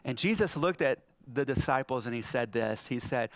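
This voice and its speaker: A man preaching a sermon as pastor, telling Bible stories in an animated way and acting out the figures. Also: mid-range voice, moderate pace, few pauses. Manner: animated storytelling, acting out scripture.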